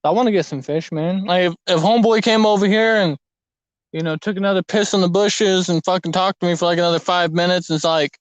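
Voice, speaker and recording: A man's voice: high-pitched, fast, dry recording, poor audio. A young man telling rambling, profane fishing stories in casual chat outdoors at a lake. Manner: profane, rambling, animated storytelling. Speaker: fishing vlogger. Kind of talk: casual storytelling while fishing.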